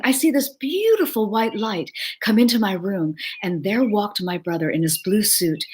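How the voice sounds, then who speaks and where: A middle-aged woman giving an earnest, emotional personal testimony, slowing down for emphasis. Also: medium pitch. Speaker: speaker sharing a personal story.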